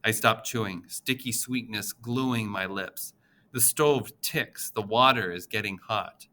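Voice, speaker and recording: Bright-voiced male audiobook narrator. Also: lowish voice, slow. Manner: expressive, emotional first-person reading.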